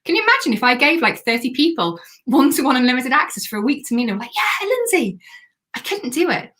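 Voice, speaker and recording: A woman hosting a live stream as a business coach, chatty and excitable while pitching a program. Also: quick pace. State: has the hiccups.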